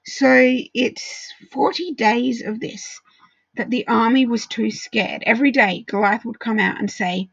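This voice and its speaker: A woman teaching a Bible study in a casual way, walking through verses and explaining them with frequent pauses and ums. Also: fairly high pitch, fairly bright tone, slightly rough, dry recording, lo-fi sound.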